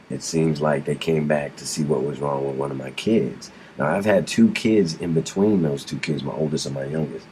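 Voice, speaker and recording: Man, middle-aged, extremely deep voice, rambling storytelling, restarts, blunt, faint background noise. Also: a little mellow. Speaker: guest describing alien abduction. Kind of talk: casual storytelling in a recorded interview.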